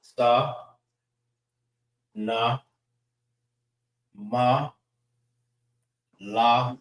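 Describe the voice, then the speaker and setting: A man teaches a class, walking through letter sounds slowly and patiently. He repeats each sound and checks in with "all right" as he goes. His voice carries a roomy echo. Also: medium pitch, steady tone.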